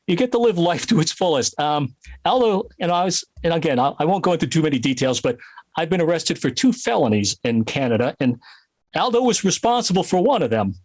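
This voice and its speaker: A middle-aged man from Connecticut telling a story in a casual interview, animated and laughing often. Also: a little high, fairly quick, dry recording. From Connecticut, USA. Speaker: guest musician.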